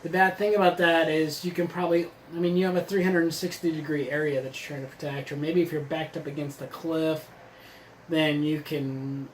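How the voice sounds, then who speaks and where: A man's voice: a little high, little pitch movement, a little fast, slight background noise, low-quality recording. A man casually reviewing a survival gear box on his channel, rambling and sarcastic, swearing freely. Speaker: vlogger reviewing a subscription box.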